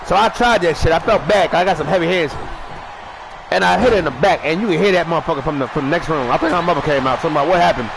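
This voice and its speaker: A man hosting a wrestling show, shouting a rambling profane comic monologue, stuttering at times and eating while he talks. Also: high-pitched, fast, creaky, noisy background. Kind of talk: loud profane comedic monologue.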